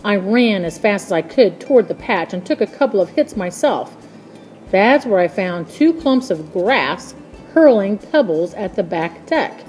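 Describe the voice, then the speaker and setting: A woman reading a children's book aloud in a slow, expressive storytelling manner. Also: mid-range voice, faint music behind.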